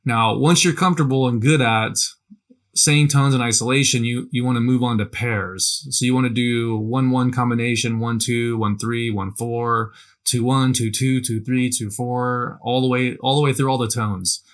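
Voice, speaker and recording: A man's voice: medium pitch, fairly even intonation, moderate pace. A man giving a casual spoken lesson on practicing tones, talking conversationally, repeating himself and checking in with "right?". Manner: conversational, repeats words, frequent "right?" tags. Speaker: language teacher. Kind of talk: casual instructional talk.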